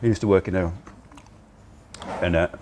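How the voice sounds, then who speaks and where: Eating as he talks, an older livestream host chats in a loose, rambling way from inside a cozy cafe. He speaks at a normal speed in a low, slightly mellow voice with fairly even intonation. The sound comes from a phone on a handheld gimbal and carries a faint hiss or hum.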